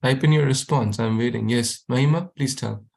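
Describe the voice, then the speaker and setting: A man's voice: mid-range voice, moderate pace, creaky, a little mellow. A man teaching a youth class over a video call, encouraging students and repeating his questions.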